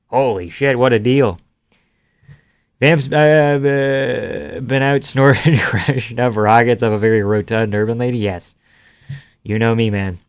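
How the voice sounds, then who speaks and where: A man's voice: medium pitch, clean tone, no room sound. A young man hosting a live stream, casually reading out viewer comments and joking crudely in an offhand way.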